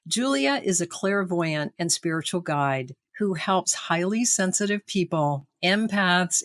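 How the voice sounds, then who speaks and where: A woman podcast host reading a guest introduction in a measured, deliberate way. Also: fairly low pitch, fairly bright tone, no room sound, studio quality.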